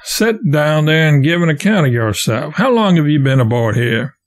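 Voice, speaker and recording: A man reading the part of a gruff raftsman boss who questions a stowaway in a blunt, commanding way. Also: on the high side, sing-song, normal speed. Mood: stern. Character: gruff grown raftsman boss, stern but fair.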